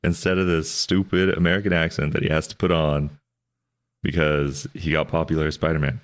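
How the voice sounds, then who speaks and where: A man's voice: extremely low pitch, level tone, brisk. A man co-hosting a podcast, talking loosely about a film in a rambling, jokey way with lots of restarts. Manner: rambling, self-interrupting, jokey. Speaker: podcast co-host. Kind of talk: casual film discussion.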